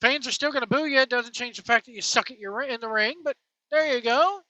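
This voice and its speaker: Blunt scornful wrestling ranter, bright-toned. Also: medium pitch, fast, no room sound, rough recording. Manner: blunt, scornful, name-calling. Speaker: wrestling commentary host. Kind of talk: opinionated rant.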